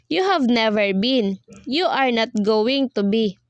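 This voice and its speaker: A woman reading the lines of a tender young man in love, slow and earnest, in a story reading. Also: fairly high pitch, lively intonation, dry recording, dull audio.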